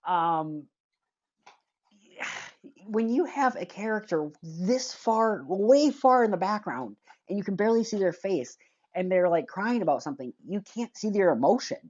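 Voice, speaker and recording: A woman's voice: medium pitch, lively intonation, a little slow, darkish tone, highs cut off. A woman giving a casual movie review, blunt and rambling, sighing and groping for names.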